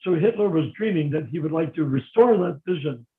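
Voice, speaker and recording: A man's voice: on the high side, lively intonation, brisk. A man raised in America, answering a question at length in a live Q&A, telling history in a rambling, discursive way. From United States. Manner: discursive, digressive storyteller. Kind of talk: live Q&A, long explanatory answers. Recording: tinny phone-like line in an echoey room.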